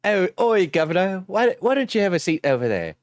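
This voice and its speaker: A man's voice: high-pitched, big pitch swings, brisk, no echo, studio quality, voice pushed up. A man putting on a British accent to play a rowdy male predator catcher, raising his voice and stammering through lines. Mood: scolding. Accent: British, put on.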